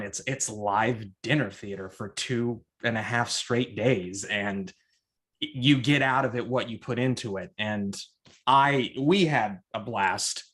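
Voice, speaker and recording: A man with a theater background, chatting on a podcast and telling a story in a lively way, full of restarts and acted-out quotes. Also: on the low side. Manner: animated storyteller who acts out quotes with many restarts; theater-trained. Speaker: podcast co-host reporting on a trip. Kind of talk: casual chat.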